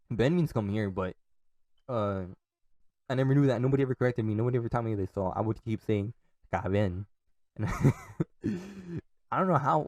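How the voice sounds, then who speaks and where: A man's voice: medium pitch, darkish tone, dry recording. A young man hosting a podcast alone, talking in a casual, rambling way, swearing a lot and laughing often. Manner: profane, laughs often, restarts and trails off. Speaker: podcast host.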